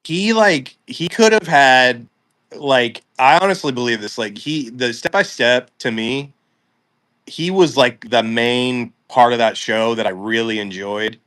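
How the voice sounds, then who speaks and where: A man with a medium-pitched voice, co-hosting a casual talk show. He gives his opinions freely and reads viewer questions from the chat aloud. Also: unhurried, fairly bright tone. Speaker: co-host.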